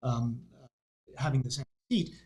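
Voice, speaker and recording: A man voicing an excited male soccer fan who is indignant about an empty seat at the World Cup final. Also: mid-range voice, moderate pace, breathy edge, voice pushed down, natural voice. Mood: pressing. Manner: indignant, pressing.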